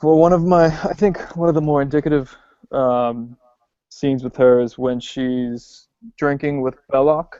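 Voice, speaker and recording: A man co-hosting a podcast, talking casually about films with many pauses and ums. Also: mid-range voice, smooth, dry recording. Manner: relaxed, hesitant with many ums. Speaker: podcast co-host. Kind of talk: casual film discussion. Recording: dull lo-fi podcast audio.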